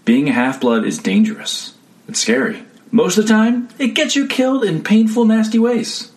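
A man's voice: sits high, lively intonation, moderate pace, darkish tone, voice pushed up. A man playing a scared young half-blood. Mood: urgent. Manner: urgent, dramatic warning. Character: frightened young half-blood teen, grim warning.

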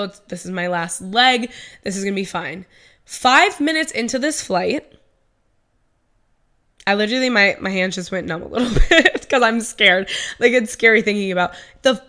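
A young woman in her twenties hosting a podcast solo, telling a personal story in a casual, animated way with plenty of fillers. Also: mid-range voice. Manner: animated, lots of "like" and "um", acts out reactions. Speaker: podcast host.

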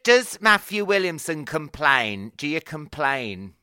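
A man hosts a relaxed conversation, teasing his guest. His voice swoops widely in pitch and sounds bright, recorded dry and close. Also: slow pace, smooth, no room sound. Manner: playful, teasing. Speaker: podcast host. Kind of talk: casual chat.

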